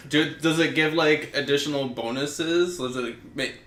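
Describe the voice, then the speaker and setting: A man's voice: fairly high pitch, a bit bright. Joking man on a podcast, echoey. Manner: light, joking questions and quick reactions. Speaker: podcast co-host. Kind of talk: casual podcast chat. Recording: roomy echo.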